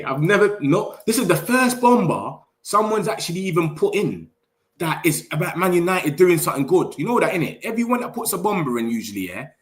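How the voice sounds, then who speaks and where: Excitable young man on a live stream. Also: mid-range voice. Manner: excitable, slangy, talks straight to chat. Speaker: football livestream host. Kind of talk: casual live-stream chat reacting to chat.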